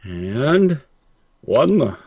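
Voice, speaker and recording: A man playing a tabletop game, talking casually in a laid-back, halting way. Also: medium pitch, very animated, dark tone, dry recording. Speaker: player.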